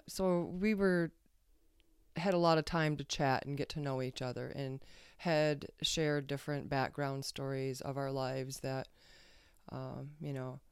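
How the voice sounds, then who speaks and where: A woman's voice: low-pitched, clean tone, dry recording, studio quality. A woman guest on a podcast telling a personal story casually, rambling and hesitant with many fillers and restarts.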